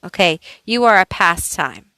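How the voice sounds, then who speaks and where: Lady reading tarot cards slow and chatty, dry close sound. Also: on the low side, lively intonation, bright, forceful tone, smooth, no room sound, poor audio. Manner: slow, thinking aloud, chatty with many "like"s. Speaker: tarot reader. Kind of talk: casual pick-a-card tarot reading.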